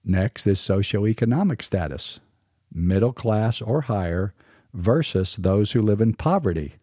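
A man's voice: fairly low pitch, expressive, a little slow, warm tone, no room sound, clean studio sound. A middle-aged man from the American South with a mostly standard American accent, hosting a podcast in a scripted monologue with wry, sarcastic asides. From Southern United States. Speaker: podcast host.

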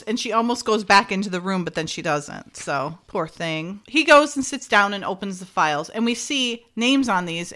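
Woman podcaster recapping episodes, chatty, laughs a lot. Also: medium pitch. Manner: animated retelling with laughs and acted-out quotes. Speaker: podcast co-host recapping a show. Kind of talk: casual chat.

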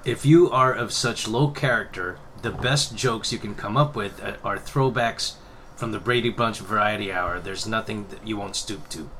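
A man's voice: lowish voice, normal speed, a bit bright, slight background noise. A man co-hosting a casual podcast, reading old sayings aloud and often breaking into laughter. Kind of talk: casual chat.

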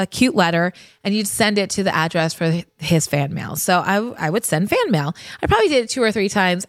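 A woman's voice: medium pitch, dry recording. A woman in her fifties from the United States, a podcast host telling a personal story in a chatty, confiding way and talking straight to her listeners.

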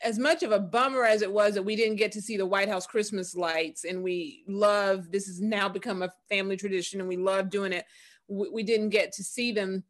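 A woman's voice: medium pitch, steady tone, normal speed. A woman hosting a conversation, commenting on a guest's story and giving her opinions. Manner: opinionated, sums up and draws conclusions. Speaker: host.

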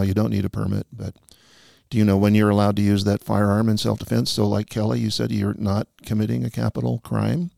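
Man, gun instructor, earnest, dark mellow tone, dry studio sound. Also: on the low side, flat delivery, fairly quick, gravelly, no room sound. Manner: earnest, emphatic about responsibility. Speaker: firearms instructor and guest. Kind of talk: conversational podcast talk. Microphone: studio podcast mic.

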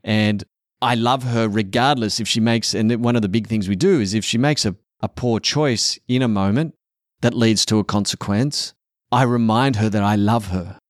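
Low-voiced man, candid sweary podcast talk. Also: moderate pace, no echo, clean studio sound. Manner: earnest, swears often, acts out quotes in a raised voice. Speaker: podcast guest, father.

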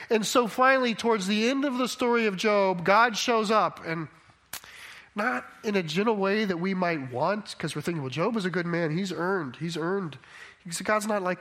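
A man's voice: high voice, a bit bright. A man preaching a conversational sermon who keeps checking in with his listeners.

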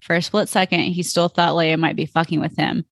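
A woman host reads fan fiction aloud in a plain storytelling voice, stumbling now and then. Her voice has a gravelly fry, and the recording is dry with no room sound. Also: fairly low pitch, fairly even intonation, brisk, no room sound. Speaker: podcast host.

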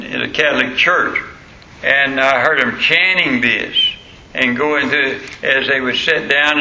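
An older man with a drawl delivers a homespun sermon, rambling through personal stories with plenty of "uh"s. His voice is gravelly yet bright and cutting. It rings out through an echoey church sanctuary. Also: medium pitch, a little hiss or hum. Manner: plain-spoken, storytelling, frequent "uh" fillers. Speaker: pastor. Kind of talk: folksy sermon.

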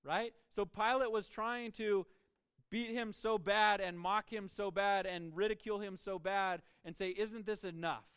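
High-pitched man preaching a sermon. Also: fairly even intonation, a little slow, fairly bright tone, clean tone, no room sound, clean studio sound. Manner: emphatic, repeats words when starting a thought. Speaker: pastor.

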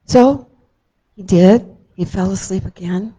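A woman tells a Bible story to a child in a gentle, unhurried way. She leans into key moments with dramatic emphasis, then softens again. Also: medium pitch, low-quality recording.

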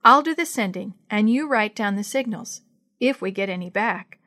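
A woman's voice: mid-range voice, expressive, moderate pace, bright, forceful tone. A woman voicing an earnest young boy who speaks urgently to his father and friends.

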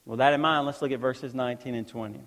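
A man's voice: medium pitch, fairly even intonation, fast talker, fairly bright tone. A man preaching a sermon to a congregation, talking in a conversational way and tossing out rhetorical questions. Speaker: pastor. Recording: long hall reverb.

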